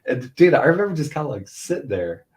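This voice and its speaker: A man's voice: mid-range voice, big pitch swings, quick pace, a little mellow. A man in his thirties, a father telling a long story in casual chat, rambling and chatty, lifting his voice when he quotes others. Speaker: podcast co-host, father.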